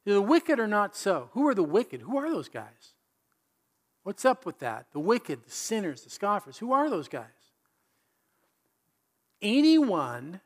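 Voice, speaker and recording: A man preaching a sermon in an animated, conversational way, full of rhetorical questions. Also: sits high. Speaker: pastor.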